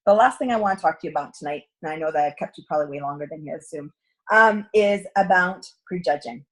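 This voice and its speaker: A woman's voice: low-pitched, fast. A middle-aged woman coaching a direct sales team in a chatty storytelling talk, acting out quoted dialogue. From Canada.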